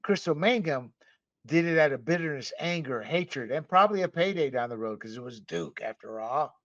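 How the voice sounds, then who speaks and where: Impassioned fairly high-voiced man. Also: expressive, normal speed, no echo. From Panama. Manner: impassioned, emphatic, swings between loud and soft. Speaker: podcast host. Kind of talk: opinionated commentary monologue. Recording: dull, slightly muffled dry recording.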